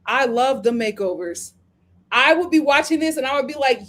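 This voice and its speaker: Hosting a laid-back live-stream review, a high-voiced woman speaks at a normal speed, chatting with viewers, reading their comments aloud, and recounting events with lively drama.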